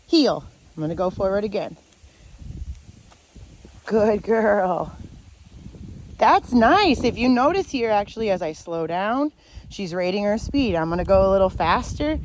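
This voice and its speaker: A woman's voice: on the high side, darkish tone, slight background noise. A woman dog trainer walking a dog outdoors, explaining each step of her method to viewers and stopping to praise the dog. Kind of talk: instructional demonstration while walking a dog.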